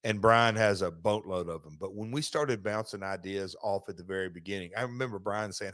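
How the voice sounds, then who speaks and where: A man's voice: lowish voice, fairly quick, few pauses. Chatty middle-aged man telling stories. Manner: storytelling, relaxed and chatty. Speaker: podcast host, former wrestler. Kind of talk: casual chat and read sponsor ad.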